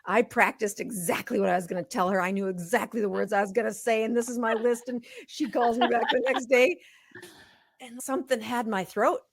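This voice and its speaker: Gravelly-voiced woman doctor telling her story. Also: fairly high pitch, fairly quick, no echo. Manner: candid, lively storytelling that acts out quoted exchanges. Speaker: physician guest. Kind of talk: personal storytelling in a podcast interview.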